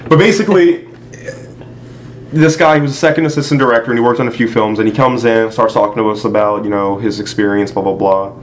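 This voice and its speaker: A man's voice: on the low side, fast talker. Joking male podcast host. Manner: joking, laughs while telling stories. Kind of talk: casual chat.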